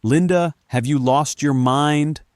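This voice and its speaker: A man playing a panicked husband who snaps and shouts in terror. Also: fairly low pitch, big pitch swings, normal speed, dry recording, studio quality, voice pushed up. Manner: shouting, hissing, snapping.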